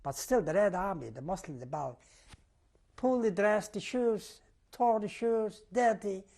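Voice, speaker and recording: An older man giving an oral history testimony in halting, non-native English, often repeating himself as he retells events vividly. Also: high-pitched, lively intonation, creaky, a little mellow. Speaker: testimony giver.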